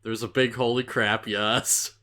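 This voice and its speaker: A man's voice: medium pitch, flat delivery, unhurried, bright, forceful tone. A man co-hosting an anime podcast, chatting casually in a laid-back way, often chuckling and stumbling over names. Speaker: podcast co-host. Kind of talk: casual anime recap chat.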